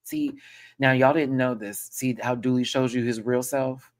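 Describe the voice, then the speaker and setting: A man hosting a casual panel chat, sassy and animated, with quick asides. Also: mid-range voice. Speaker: host.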